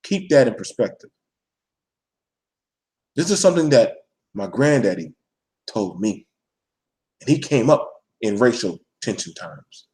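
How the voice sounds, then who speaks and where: A man's voice: medium pitch, big pitch swings, a little slow, pauses often, darkish tone. A man talking straight to his viewers in a blunt, profane, preachy rant, calling out his audience and pressing his point hard. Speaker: vlogger addressing his viewers. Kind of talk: live ranting monologue.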